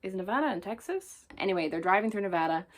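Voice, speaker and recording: A woman's voice: mid-range voice, lively intonation, fast. A woman talking casually to the camera as a book reviewer, chatty, jokey and enthusiastic.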